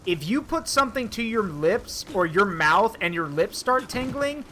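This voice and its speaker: A man streaming a game, telling stories in an animated way with swearing and asides, in casual chat. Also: high voice, moderate pace, a little hiss or hum. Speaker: streamer and host.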